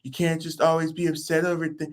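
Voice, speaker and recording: A woman's voice: low voice, monotone, fast, pitched above the performer's own voice, close to an everyday voice. A man putting on a whiny, sing-song voice to mock a scolding young woman.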